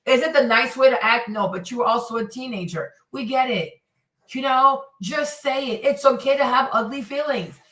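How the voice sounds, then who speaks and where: Her voice sits high and bright with a forceful edge, moving at a normal speed. As host of a casual reaction commentary, she addresses viewers head-on and performs what her subjects say, captured in a roomy, somewhat distant recording.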